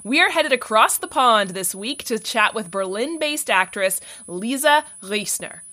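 A woman's voice: fairly high pitch, animated, normal speed, sharp tone, dry recording, studio quality. A woman with a West Coast Canadian accent, hosting her podcast in a bubbly, chatty, self-deprecating way. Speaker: podcast host. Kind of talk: podcast intro and appeal.

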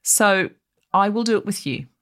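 A woman's voice: medium pitch, normal speed. A woman hosting a podcast in casual comedic chat over a video call, telling stories with energy and often acting out what other people said. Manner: animated storytelling, mimicking others in quotes. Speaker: podcast host.

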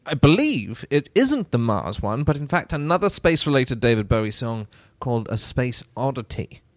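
A man's voice: medium pitch, very animated, normal speed, no room sound, clean studio sound, natural voice. Guy doing a pompous wig maker type, rambles, says fabulous a lot, really swoopy voice. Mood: pompous rambling. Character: pompous middle-aged male film wig maker. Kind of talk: improvised comedy podcast.

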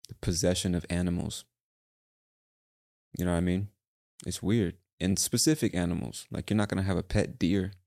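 A man's voice: deep voice, fairly even intonation, normal speed, creaky, long pauses, a little mellow, dry recording, clean studio sound. A young man hosting a podcast, talking alone in a casual, rambling rant full of swearing. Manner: rambling, profane, ranting. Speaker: podcast host. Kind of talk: casual solo monologue.

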